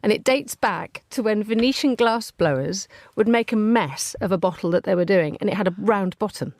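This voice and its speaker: A woman hosting a radio news programme from a studio, brisk and playful in chat, measured when reading headlines. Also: medium pitch, darkish tone, no echo. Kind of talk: news presenting.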